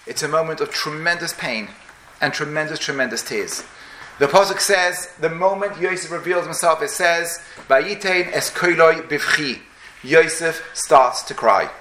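High, bright-voiced man preaching. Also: roomy sound, slight background noise. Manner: impassioned, repeats rhetorical questions. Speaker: Torah lecturer. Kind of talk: Torah talk.

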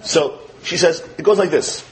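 A man giving a storytelling sermon as a religious teacher, acting out quotes with animation and dropping to soft, tender tones. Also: on the high side, normal speed, a little hiss or hum, low-quality recording.

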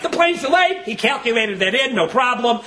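Fast, animated man with a bright voice. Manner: acts out characters with big swings in pitch and loudness; fast-talking. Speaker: religious speaker. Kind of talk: lively sermon-style talk to a live group.

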